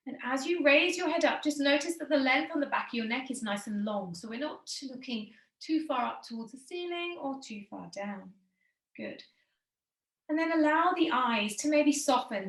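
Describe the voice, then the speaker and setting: A woman with a slightly high voice leads a guided breathing session, speaking slowly and soothingly. Her gentle instructions carry a noticeable room echo. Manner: slow, soothing, gently encouraging.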